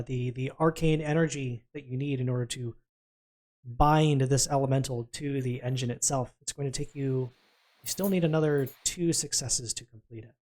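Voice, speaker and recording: Brisk man running a tabletop game. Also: mid-range voice, a little mellow. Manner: brisk, calls for dice rolls and narrates results. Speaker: game master.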